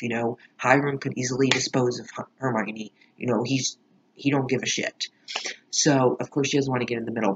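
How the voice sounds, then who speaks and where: A man's voice: mid-range voice, fairly bright tone, breathy edge, muffled recording. A man giving a rambling, profane, emphatic reaction commentary on a TV episode. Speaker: show reaction vlogger.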